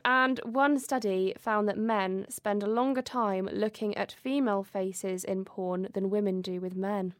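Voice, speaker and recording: A woman's voice: medium pitch, fairly even intonation, a little slow, few pauses, dry recording, studio quality. A woman co-hosting a podcast in casual chat, giggling often as she presents facts she has researched, recorded remotely over a video call. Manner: giggly, chatty, laughs through her facts.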